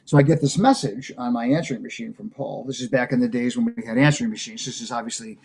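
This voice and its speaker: A man's voice: mid-range voice, quick pace, gravelly, darkish tone, husky. A man being interviewed, telling long personal stories in a rambling, conversational way, full of fillers and acted-out quotes. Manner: acts out quoted dialogue. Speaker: interview guest, percussion professor. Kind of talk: conversational storytelling.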